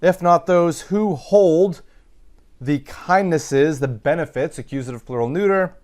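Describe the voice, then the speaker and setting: Guy teaching latin, slightly high voice, really slow and careful, lots of uh's. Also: darkish tone. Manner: methodical, parsing aloud with frequent fillers. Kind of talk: recorded grammar lesson.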